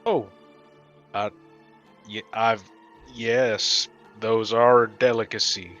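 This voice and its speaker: A man's voice: fairly low pitch, flat delivery, slow, a bit bright, faint music behind. A man playing his character in a tabletop game, speaking hesitantly and politely. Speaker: player. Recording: dull lo-fi mic.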